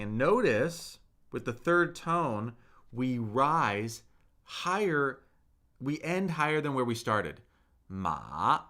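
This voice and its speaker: Man, young adult, bright voice, slow deliberate delivery, live-streamed language lesson, repeats drill syllables, talks to chat. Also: medium pitch. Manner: drills tones aloud with sing-song syllables, checks in with chat. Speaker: Mandarin teacher.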